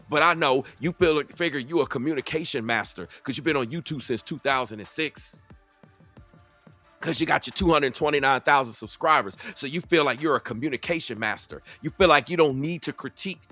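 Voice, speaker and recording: Bright-voiced man lecturing confrontationally. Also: on the high side. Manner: confrontational, lecturing, addresses the clip directly. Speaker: reaction commentator. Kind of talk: reaction commentary.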